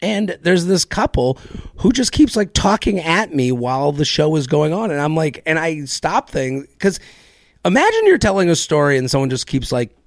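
Gravelly animated man telling a story. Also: fairly high pitch, moderate pace, no echo, studio quality. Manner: animated storytelling, acts out exchanges. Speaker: podcast host. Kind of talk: solo comedic rant.

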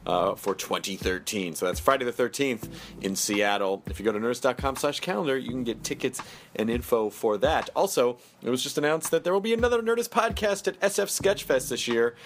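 Faint music plays behind a medium-pitched male podcast host who jokes around in casual conversation and reads ads. His delivery is animated, punctuated by quick bursts of silliness.

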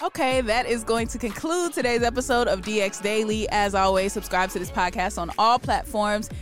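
A woman's voice: medium pitch, soft background music. A woman co-hosting a hip-hop news podcast, chatting casually with a laid-back manner and easy laughs. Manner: laid-back, laughs easily, drawn-out fillers. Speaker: podcast co-host.

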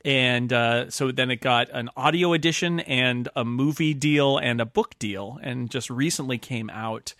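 A man's voice: mid-range voice, a bit bright, no room sound, studio quality. A man hosting a casual book club podcast, talking in a rambling way with many restarts. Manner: rambling, halting, laughs often. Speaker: podcast host.

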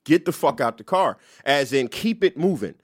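Man, podcast host, casual chat, swoops up and down in pitch, dry close sound. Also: normal speed, husky, dry recording. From moved to New York as a young comic. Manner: animated storyteller, lively voice impressions.

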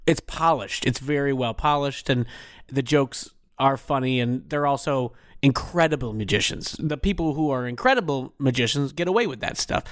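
A man's voice: medium pitch, moderate pace, fairly bright tone, no room sound, studio quality. A man co-hosting a podcast, telling long rambling stories in casual chat with frequent restarts. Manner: rambling storyteller with restarts, laughs often. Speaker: podcast co-host.

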